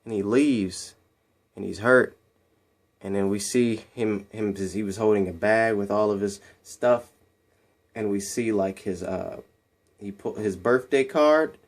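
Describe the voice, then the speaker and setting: A man casually retelling a film scene by scene, rambling and repeating himself, and jumping into higher voices when he quotes the characters. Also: unhurried. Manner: rambling and repetitive, acting out quotes in raised voices. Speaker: movie recap vlogger.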